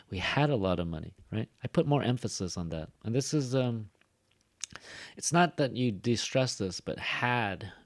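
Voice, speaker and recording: Casual fast-talking male ESL teacher. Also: fairly low pitch, animated, vocal fry. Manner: casual, fast-talking, drills example sentences with stress. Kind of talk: recorded online lesson.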